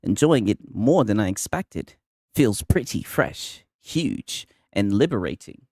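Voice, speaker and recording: A man putting on a mocking impression of an awestruck gamer man gushing over graphics, slow and earnest. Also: mid-range voice, sing-song, a little mellow, breathy edge, dry recording, clean studio sound, pitched below the performer's own voice, full character voice.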